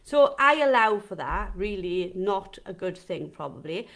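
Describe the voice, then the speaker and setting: A woman's voice: medium pitch, lively intonation, measured pace, creaky, a bit bright. Chatty middle-aged woman trainer. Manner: chatty, rambling, with asides and questions to viewers. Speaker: dog trainer hosting a live session. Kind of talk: casual live-stream talk. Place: home, with dogs in the kitchen.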